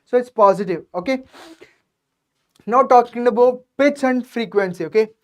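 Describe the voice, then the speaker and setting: A woman science teacher, speaking in a slightly high voice. She explains each idea patiently and tags "okay?" onto almost every sentence. She talks straight to her students to check that they follow. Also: moderate pace, lo-fi sound. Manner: addresses students directly and checks understanding. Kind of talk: exam revision lecture.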